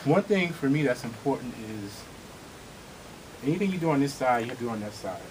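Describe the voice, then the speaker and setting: Music fills the dance studio as this man teaches vogue, speaking a little fast in an animated, mid-range voice. He sounds casual and slightly winded, asking his students how they're doing while he shows the moves, with background noise throughout.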